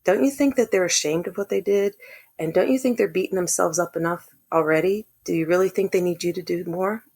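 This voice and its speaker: A woman's voice: fairly low pitch, a little fast, creaky, husky. A woman guest earnestly telling a personal family story in casual conversation. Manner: earnest, animated when quoting others. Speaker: podcast guest.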